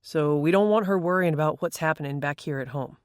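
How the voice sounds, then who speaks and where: Firm, fatherly middle-aged man, deep baritone, read by the narrator. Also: fairly quick, dry recording, clean studio sound, natural voice.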